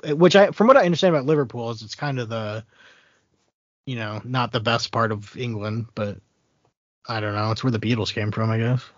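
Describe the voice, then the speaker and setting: Fairly quick and medium-pitched, a man from the American Midwest chats hesitantly about movies, his speech full of fillers and restarts. No room sound comes through; the audio is dry, dull and lo-fi.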